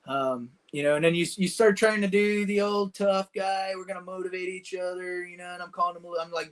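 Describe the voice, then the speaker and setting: Vet guy telling a war story on a podcast, swears a lot, says dude constantly, voice on the higher side. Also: steady tone, brisk, few pauses, clean tone. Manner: profane, vivid war storytelling with lots of "dude" and "man". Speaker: podcast guest, combat veteran. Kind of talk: casual storytelling.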